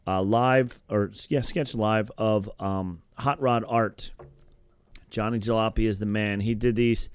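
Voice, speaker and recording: A man's voice: lowish voice, fairly even intonation, unhurried, smooth. Easygoing male podcast co-host. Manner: easygoing, explaining. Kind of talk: casual podcast chat.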